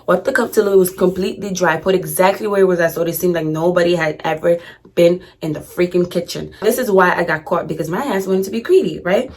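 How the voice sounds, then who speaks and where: A woman's voice: fairly low pitch, fast talker. A young woman vlogger telling a funny story in casual, slangy, dramatic fashion. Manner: animated, slangy, dramatic retelling.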